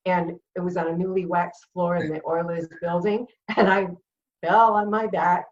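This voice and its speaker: Rhode Island woman telling a lively story. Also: fairly low pitch, moderate pace, far from the mic, highs cut off, a little hiss or hum. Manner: animated storyteller, laughs often, acts out quotes. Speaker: guest, comedian and former cheerleader. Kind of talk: casual storytelling on a video chat show.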